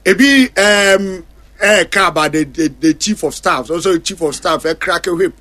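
A man's voice: high-pitched, normal speed, pushed and bright. A man with a Ghanaian accent on a talk show panel, speaking critically and switching between Twi and English. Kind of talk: political discussion in Twi.

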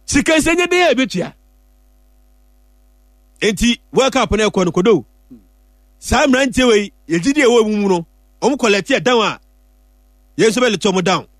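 An animated man with a Ghanaian accent chats about football on a radio show, switching between Twi and English. His voice sits a little high, and the studio sound is dry and close. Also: moderate pace, pauses often, no echo. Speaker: radio sports presenter. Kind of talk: casual radio sports chat.

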